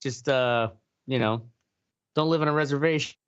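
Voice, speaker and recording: A man's voice: medium pitch, clean tone, no room sound, lo-fi sound. A man co-hosting a podcast, chatting casually with lots of fillers and restarts. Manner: filler-heavy, halting. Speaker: podcast co-host. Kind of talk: casual chat.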